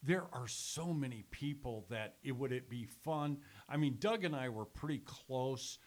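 An older man, a former radio sales executive and sports announcer, telling stories in casual conversation as a lively storyteller who swears casually. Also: medium pitch, measured pace. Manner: animated storyteller, swears casually, laughs through anecdotes. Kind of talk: casual reminiscing chat.

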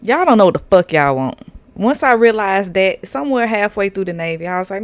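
A thirties-aged woman hosts a casual podcast monologue in a mid-range, very animated voice that runs a little fast, with no room sound. She's candid and profane, laughs often, and drifts through fillers in a loose, drawling delivery.

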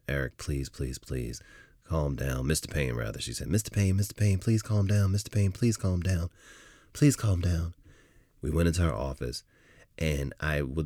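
A middle-aged man with a very deep, low voice tells a personal story. He speaks with animated emphasis that builds as he goes, in a dry, close recording with no room sound. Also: no room sound. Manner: animated, emphatic retelling with rising intensity. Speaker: podcast host.

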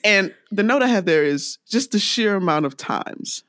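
A woman's voice: mid-range voice, normal speed, no room sound, studio quality. A woman, co-hosting a podcast and telling funny movie moments with lots of laughter. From American South. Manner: giggly, animated storytelling. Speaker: podcast co-host. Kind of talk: casual chat.

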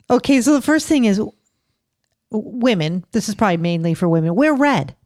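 A woman podcast co-host with a low, sultry voice, chatting casually, giggling and reading list items aloud. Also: lively intonation, normal speed, a little mellow, no echo, clean studio sound. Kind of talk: casual chat.

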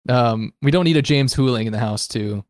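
A man's voice: medium pitch, a little fast, dry recording. Man, podcast host, casual rambling chat, laughs often, dry close mic.

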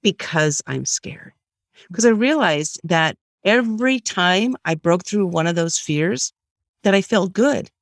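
A middle-aged woman tells a story as an interview guest. She talks in an animated way and puts on the voices of the people she quotes. The sound is dry and close, with no room echo. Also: lowish voice, slow. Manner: lively storyteller who acts out quoted voices.

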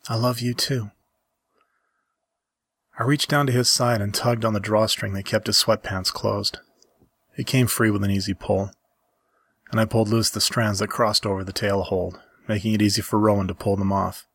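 A man with a lowish, husky voice reads a story in the first person. His delivery is steady and even, and the recording sounds close and dry. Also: normal speed, dry recording. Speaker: story reader. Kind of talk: narrated story reading.

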